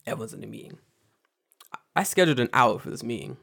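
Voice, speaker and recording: Man, casual podcast chat, animated storytelling, sarcastic mimicry, lots of swearing. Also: medium pitch, quick pace, vocal fry. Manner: animated storyteller who acts out others with sarcastic voices, swears freely. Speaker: podcast co-host.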